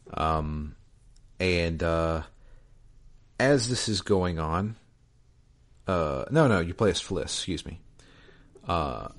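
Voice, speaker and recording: A man with a very low, deep voice talks through a game's story in a loose, chatty way. He rambles, restarts sentences and fills pauses with ums and uhs. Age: adult, married. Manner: rambling, halting, many fillers and restarts. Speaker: podcast co-host recapping a game. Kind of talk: casual chat.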